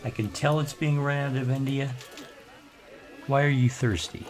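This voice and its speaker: A man's voice: medium pitch, fairly even intonation, normal speed. An older man, rambling through casual gameplay commentary with grumbling asides. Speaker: let's play host.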